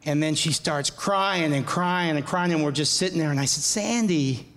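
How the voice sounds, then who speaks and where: A man giving an earnest personal faith testimony, halting and often repeating his words. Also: fairly high pitch, steady tone, fairly bright tone, long reverb tail.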